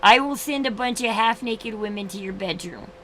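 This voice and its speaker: A woman's voice: medium pitch, moderate pace, a bit bright, slight background noise, rough recording. A woman in her thirties hosting a casual livestream, chatting in a rambling way with frequent restarts. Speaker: livestream host.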